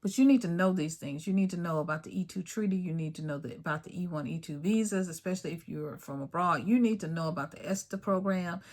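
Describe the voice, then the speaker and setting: A woman's voice: on the low side, fast, hardly any pauses, darkish tone. A middle-aged woman hosts her own video and talks straight to her audience in a casual, emphatic way. She drives her points home by repeating them and calls her viewers y'all. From United States. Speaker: video host. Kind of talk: casual talk to camera.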